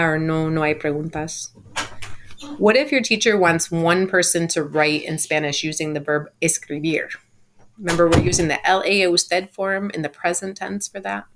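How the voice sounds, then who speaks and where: A woman teacher giving a recorded lesson from home, explaining patiently and saying example phrases slowly and clearly. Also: fairly low pitch, a bit bright, slight background noise. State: home sick. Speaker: Spanish teacher.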